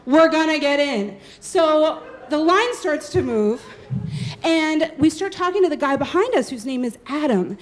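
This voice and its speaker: Woman in her 30s doing a live storytelling set, high voice, lively, laughs a lot, acts out the people in it. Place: small live venue with audience.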